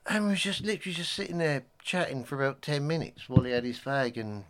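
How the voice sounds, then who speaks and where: A man with a fairly high, a-bit-bright voice talks fast as he tells a rambling anecdote in casual chat. He often slips into quoted voices, acting out what people said.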